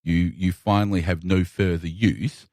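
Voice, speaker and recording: A man's voice: low-pitched, measured pace, no room sound, clean studio sound. An Australian man co-hosting a podcast in casual chat, cursing and repeating words as he talks. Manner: animated, swearing, repeats words often. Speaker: podcast co-host. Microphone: podcast microphone.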